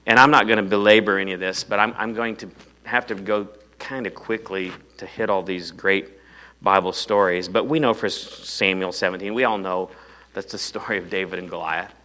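Forceful animated male preacher. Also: low-pitched, moderate pace. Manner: animated, conversational, rhetorical questions. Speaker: pastor. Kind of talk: sermon.

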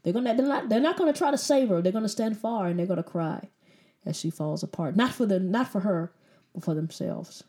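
A woman's voice: medium pitch, expressive, a little fast, warm tone. A woman preaching a sermon with emphatic repetition and pointed rhetorical questions.

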